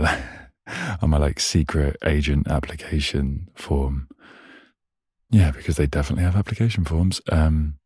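A man's voice: a bass voice, a little mellow, breathy edge, no room sound, studio quality. A young man hosting a solo podcast, rambling in a chatty, self-mocking way. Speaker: podcast host.

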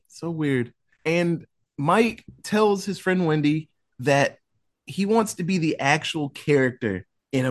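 A man on a podcast casually recapping a horror movie plot, rambling with lots of fillers and restarts. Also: mid-range voice. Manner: casual, chuckles while recapping. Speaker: podcast co-host.

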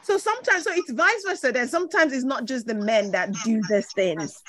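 High-voiced woman host asking questions. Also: lively intonation, fairly bright tone. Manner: probing, teasing, reacts with quick interjections. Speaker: podcast host. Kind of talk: conversational interview.

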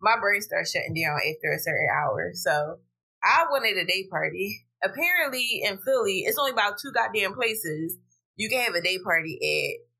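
Animated, bright-voiced woman podcaster. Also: moderate pace, gravelly, poor audio. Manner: animated, profane, vents with rising pitch. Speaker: podcast host. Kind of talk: casual storytelling chat. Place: home podcast setup while streaming live.

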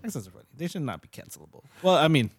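A husky young man jokes with friends in quick one-liners. His pitch moves a lot, the edge of his voice is rough, and the recording sounds dry and close. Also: sing-song, dry recording. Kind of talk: casual chat among friends.

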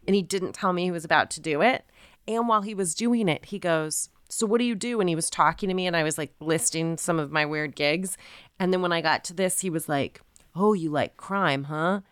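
A woman co-hosting a podcast, chatting casually and telling an animated story where she acts out the people she quotes. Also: lowish voice, brisk, clear, resonant tone, dry recording, studio quality. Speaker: podcast co-host. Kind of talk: casual chat.

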